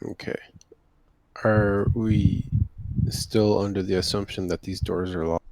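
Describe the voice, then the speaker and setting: A low-voiced man at a tabletop game, speaking in a careful, questioning way. He checks the rules before each move. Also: steady tone, unhurried, darkish tone, no echo. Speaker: player. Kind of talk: casual tabletop game chat.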